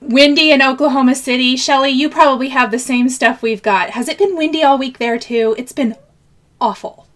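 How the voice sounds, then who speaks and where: A woman's voice: high voice, moderate pace. A woman from the American Midwest chatting on a live craft stream, greeting viewers by name and laughing often. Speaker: craft channel host.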